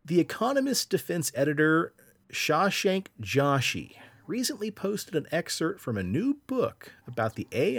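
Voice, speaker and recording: A man's voice: fairly high pitch, vocal fry, no echo. A man co-hosting a podcast, reading out chat messages and telling stories with a laugh. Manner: laughing, storytelling, reads chat. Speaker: podcast co-host. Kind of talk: casual podcast storytelling.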